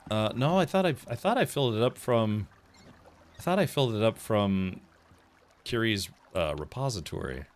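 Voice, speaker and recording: A man's voice: on the low side, animated, normal speed. A man hosting a let's play stream, chatty and easily distracted while he plays. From United States. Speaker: streamer host.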